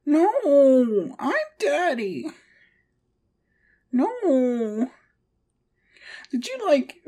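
Woman, audio role-play performer. Pouty and whiny, very slow delivery, lively pitch.

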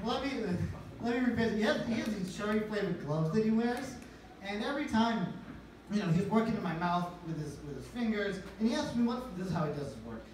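A man's voice: high-pitched, lively intonation, fast talker. A young man doing a stand-up comedy set, with a hesitant, awkward delivery full of restarts. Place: comedy venue. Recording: echoey venue from far off, noisy.

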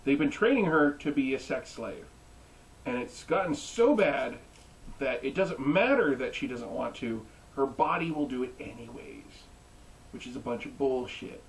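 A young man giving a joking, animated recap as a reviewer. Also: medium pitch, moderate pace, recorded from a distance, low-quality recording. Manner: animated, joking, mimics characters. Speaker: anime reviewer. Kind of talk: comedic recap.

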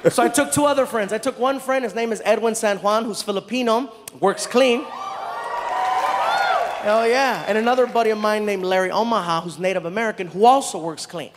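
A man telling a stand-up story in an animated way, acting out the people in it. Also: sits high, fairly quick, in a large hall, a loud crowd, heavy background noise. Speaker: stand-up comedian.

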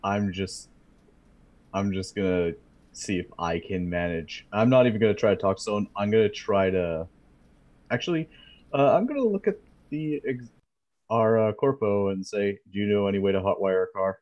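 Deep-voiced man on dull lo-fi voice chat. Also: animated, normal speed, darkish tone. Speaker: player. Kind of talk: casual tabletop game chat.

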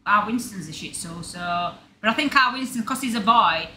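A woman's voice: medium pitch, animated, normal speed, pushed and bright. A woman chatting casually at home, in a broad dialect full of restarts. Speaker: co-host. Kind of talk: casual chat. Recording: echoey room, faint ambient noise.

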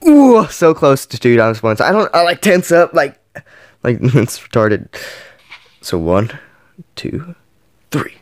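A man plays a phone game and counts every flip out loud, with his pitch leaping high on misses and dropping low on the counts. He talks slowly, with plenty of pauses between bursts. The sound is dry and close, with no room echo. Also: sing-song. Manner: counts flips aloud, yelps and groans at misses. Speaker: gaming channel host. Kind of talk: playing a mobile game while counting aloud.

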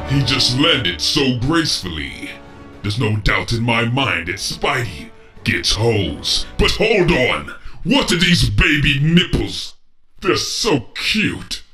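A man's voice: mid-range voice, sharp tone, exaggerated voice. A man voicing a smug, boastful male alien tyrant who trash-talks crudely while playing a game, in a comedic parody. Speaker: gameplay parody voice actor. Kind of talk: comedic gameplay parody voice acting.

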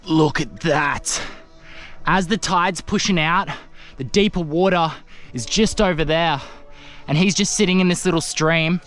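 High-voiced Australian outdoor vlogger. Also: male voice, a little slow, soft background music. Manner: energetic, excitable, says mate often. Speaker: wildlife adventure vlogger. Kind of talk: outdoor vlog narration. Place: outdoors in muddy mangroves.

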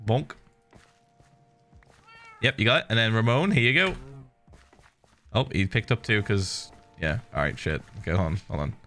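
A man's voice: fairly low pitch, animated, moderate pace, long pauses, fairly bright tone. A man streaming a game in casual chat, playful and laughing often, tossing in little sound effects.

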